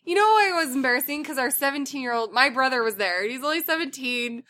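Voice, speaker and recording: A woman's voice: sits high, expressive, quick pace, sharp tone. A woman in her thirties co-hosting a casual chat, teasing and giggly. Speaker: co-host.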